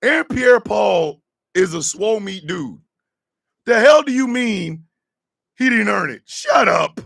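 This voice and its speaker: A high, gravelly-voiced man hosts a morning radio show. He riffs loud and slangy, bursting into shouts and laughter. His voice swings widely and sits dry and close in the studio. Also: expressive, slow pace, no echo. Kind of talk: riffing comedic radio talk.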